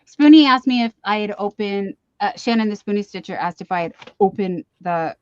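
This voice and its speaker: A middle-aged woman hosting a live stream from home, chatting casually and wandering off on tangents while teasing herself. Her voice sits at an ordinary mid pitch. The sound is dry and slightly dull, like a home computer mic. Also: animated, fairly quick, smooth, dry recording. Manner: chatty, easily sidetracked, self-deprecating. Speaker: livestream host.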